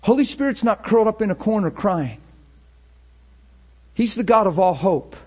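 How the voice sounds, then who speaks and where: Guy preaching, voice a bit high, earnest and storytelling, lots of repeated words. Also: animated, moderate pace, darkish tone, husky. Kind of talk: sermon.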